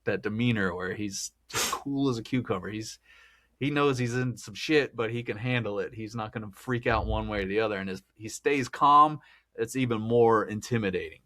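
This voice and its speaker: A man's voice: on the low side, moderate pace, bright, forceful tone. A man hosting a podcast, talking through a film in a rambling, chatty way and laughing often. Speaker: podcast host. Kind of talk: casual film discussion.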